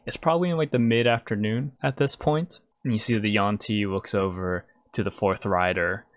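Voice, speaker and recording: A fairly low-voiced man narrates as a tabletop game master in a relaxed, hesitant way, with frequent fillers. The sound is very dry and close, with no room around it. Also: normal speed, dry recording.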